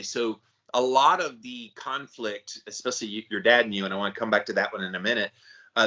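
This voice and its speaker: A man co-hosting a casual podcast chat, animated and acting out quotes in different voices. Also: mid-range voice, dull audio. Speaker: podcast co-host.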